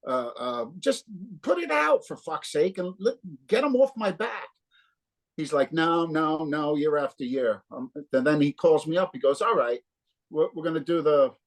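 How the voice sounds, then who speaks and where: A man in his fifties from New Jersey, a guitarist telling stories in a casual interview and acting out the dialogue with a lot of swearing. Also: a little high. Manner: animated, profane storyteller acting out dialogue. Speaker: guest guitarist.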